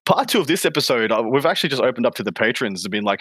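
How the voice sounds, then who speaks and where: A man's voice: mid-range voice, big pitch swings, rapid-fire, few pauses, a bit bright, husky, dry recording. A man with an Australian accent hosting a gaming podcast, chatty and rambling, often laughing. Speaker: podcast host. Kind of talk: casual chat.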